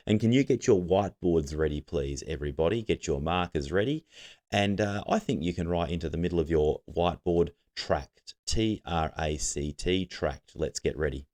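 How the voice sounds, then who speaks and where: A man's voice: sits low, a little mellow. A man teaching a recorded literacy lesson, giving patient step-by-step instructions to students.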